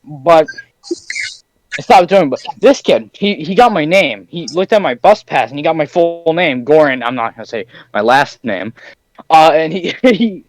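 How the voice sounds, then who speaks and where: A teenage boy telling a story on a casual podcast, animated and acting out the voices of the people in it. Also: fairly high pitch, moderate pace, no room sound, rough recording. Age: teens. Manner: animated, acts out voices in his stories. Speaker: podcast host.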